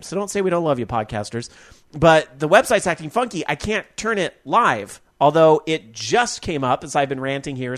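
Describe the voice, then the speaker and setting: A man hosts a live gaming radio show and keeps up a loose, chatty ramble. His voice sits a little higher than most men's. He stays upbeat and talks straight to his listeners. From Northern California. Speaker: podcast host. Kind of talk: casual live radio chat.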